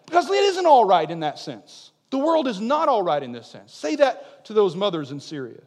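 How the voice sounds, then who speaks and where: A young man preaching a sermon, swinging between loud, urgent declarations and quiet, conversational asides. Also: high voice, huge pitch swings, normal speed, few pauses. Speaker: pastor. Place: church sanctuary. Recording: long hall reverb.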